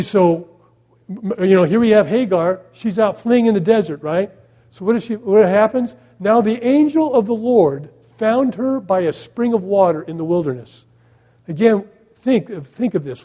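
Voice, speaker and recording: A man's voice: sits high, dark tone, slightly rough. A man preaching a sermon in a conversational way, asking his listeners questions and making sarcastic asides. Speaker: pastor.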